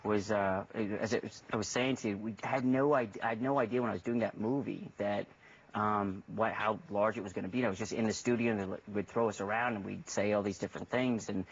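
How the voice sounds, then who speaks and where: A man from Ireland chatting casually as an interview guest, relaxed and rambling with many restarts. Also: on the low side, a little fast, breathy edge, distant mic. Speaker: actor guest. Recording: dull lo-fi recording.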